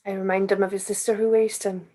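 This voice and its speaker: A woman's voice: medium pitch, quick pace, close to an everyday voice. A woman reading the part of a guarded young cinema owner in an amateur script reading, giving short, careful answers. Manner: terse, flat, careful answers.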